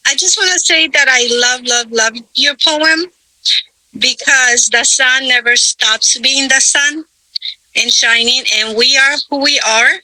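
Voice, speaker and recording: A woman's voice: high-pitched, a little slow, sharp tone, no echo, rough recording. A woman taking part in a group session, speaking eagerly and repeating words. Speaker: group participant.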